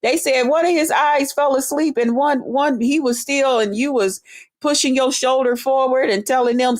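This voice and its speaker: A woman hosting her own stream, delivering an angry, profane rant that taunts a rival. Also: a little high. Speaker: online streamer.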